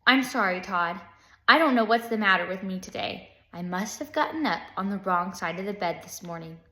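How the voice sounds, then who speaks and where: A woman voicing a cranky, bullying schoolteacher who snaps and shouts at her class in a storybook reading. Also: medium pitch, expressive, moderate pace, reverberant, close to an everyday voice. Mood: flustered, apologetic. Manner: snapping and shouting, then mocking.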